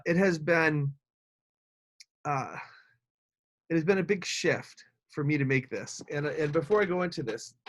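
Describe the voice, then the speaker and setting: A man hosting a live online webinar as a speaking coach. He talks in an energetic, upbeat way and speaks straight to his viewers. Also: fairly high pitch.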